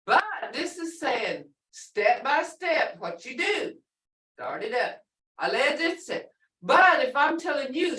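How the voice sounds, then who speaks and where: A woman's voice: high voice, big pitch swings, takes it slowly, sharp tone, roomy sound, far from the mic, a little hiss or hum, low-quality recording. A woman language instructor teaching a class, playful, laughing often and repeating phrases.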